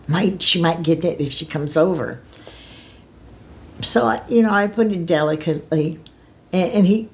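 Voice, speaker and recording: An older woman telling a personal story on her vlog, rambling and emotional, with halting restarts. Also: on the low side, a little mellow. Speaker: vlogger.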